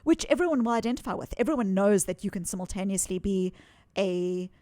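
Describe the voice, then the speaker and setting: A woman guest in an interview, explaining ideas in an earnest, animated way and repeating words for emphasis. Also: medium pitch, a little fast, no room sound. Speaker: psychologist guest.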